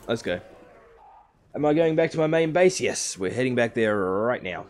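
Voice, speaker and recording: A man's voice: fairly low pitch, expressive, a little slow, long pauses, a little mellow. Chatty male game streamer. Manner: chatty, explains steps to viewers. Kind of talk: live game commentary.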